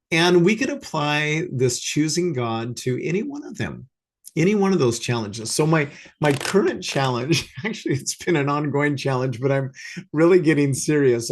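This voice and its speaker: A man giving an informal spiritual talk to a small congregation, earnest and conversational, pausing and restarting as he thinks aloud. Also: mid-range voice, darkish tone. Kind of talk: informal sermon. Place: talk to a small congregation, also streamed online.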